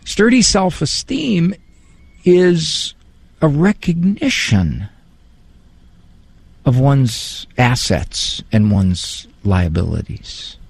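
A man speaks as a psychologist, animated and joking, his pitch rising and falling in a lively way. The voice is gravelly and husky. It sounds close and dry. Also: very slow, long pauses, no echo. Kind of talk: talk on parenting and faith.

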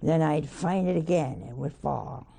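A woman's voice: low-pitched, measured pace, gravelly, mellow. An older woman, a nun, preaching a sermon by telling a homely story with wry asides.

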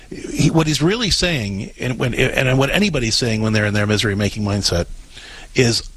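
Male radio advice host, husky, earnest, explains patiently with frequent restarts. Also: medium pitch, moderate pace, a bit bright, poor audio. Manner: earnest, explanatory, repeats words when starting sentences. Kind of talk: advice call-in talk.

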